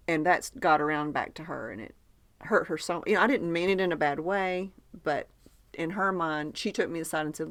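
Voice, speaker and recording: A woman's voice: low voice, a little fast, fairly bright tone, no echo. A woman hosting a podcast, telling stories in a chatty way and steering the conversation. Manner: chatty storyteller, leads the segment. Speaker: podcast host. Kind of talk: casual chat.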